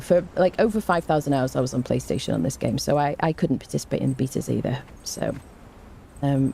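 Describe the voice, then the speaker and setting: A deep-voiced British woman livestreams a game, warmly chatting with viewers, greeting them, and reading patch notes with frequent ums and restarts. There's slight background noise.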